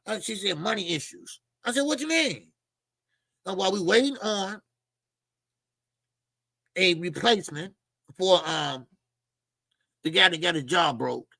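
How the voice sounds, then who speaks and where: Gravelly, bright-voiced man telling boxing gossip. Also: high-pitched, unhurried, pauses often, no echo. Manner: animated, acts out quotes with loud outbursts. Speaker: boxing channel host. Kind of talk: casual storytelling commentary.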